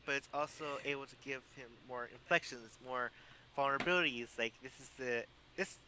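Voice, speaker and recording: A man's voice: fairly high pitch, bright, forceful tone, a little hiss or hum, low-quality recording. A man co-hosting a casual podcast chat, rambling and opinionated with lots of fillers. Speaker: podcast co-host.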